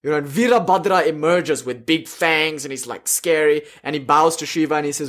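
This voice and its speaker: A man telling old myths in a casual lecture with lively asides and slang. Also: fairly high pitch, brisk, few pauses. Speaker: teacher of yoga philosophy.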